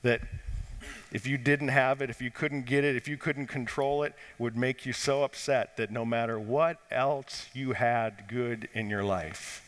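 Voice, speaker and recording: A pastor preaching a sermon, swinging from lifted, urgent lines down to quiet, low emphasis. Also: male voice, fairly even intonation, measured pace. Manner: dynamic preaching, rising and dropping to quiet emphasis. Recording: long hall reverb.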